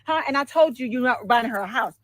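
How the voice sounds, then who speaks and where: Woman acting as a naggy suspicious wife, kinda high voice, dry close sound. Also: lively intonation, fast, fairly bright tone, no room sound. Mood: accusing. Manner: nagging, accusatory questioning. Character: suspicious, accusing wife confronting her husband. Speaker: wife in a comedy skit. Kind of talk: comedy skit acting.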